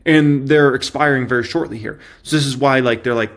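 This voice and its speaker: A man giving casual stock market commentary in an emphatic, excitable way, repeating his points for effect. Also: medium pitch, a little fast.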